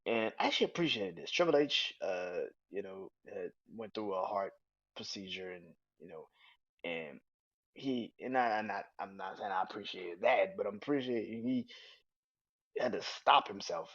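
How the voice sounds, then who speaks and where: A man hosting his own podcast, giving a casual, animated review that is full of swearing, with bursts of acted-out quotes. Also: on the low side, no room sound, muffled recording. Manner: animated, swears freely, acts out quotes in raised voices. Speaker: podcast host. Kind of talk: casual solo wrestling review.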